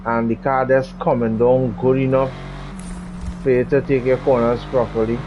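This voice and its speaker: A man's voice: medium pitch, level tone, normal speed, dull audio, background noise. A man hosting a gaming channel, giving laid-back commentary while he drives, muttering and repeating himself. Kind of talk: casual gameplay commentary.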